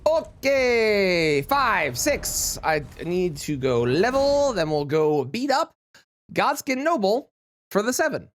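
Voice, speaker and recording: A man commentating his own gameplay live, greeting viewers and cursing at the game when it misbehaves. His voice sits high and swings widely in pitch. The tone is loose, chatty and unscripted. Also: very animated, takes it slowly, few pauses. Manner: chatty, swears at the game in frustration. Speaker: game streamer.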